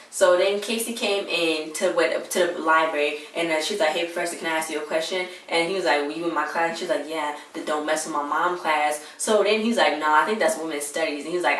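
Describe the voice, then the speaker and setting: This TV episode reviewer, a woman with a low and fairly bright voice, chats through a casual recap, retelling scenes and quoting lines. The mic is distant, and the room echoes.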